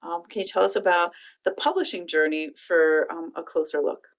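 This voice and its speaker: A woman's voice: lowish voice, moderate pace. A woman interviewing an author for a library, asking rambling, hesitant questions full of ums. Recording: dull lo-fi sound.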